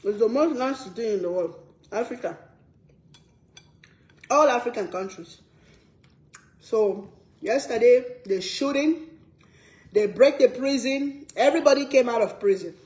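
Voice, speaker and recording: An animated, a little mellow, higher-pitched woman's voice moves at a measured pace with long pauses, echoing in a reverberant space. The speaker is a Sierra Leonean cooking vlogger talking casually to her viewers in Sierra Leonean English. She repeats words for stress, earnest and emphatic.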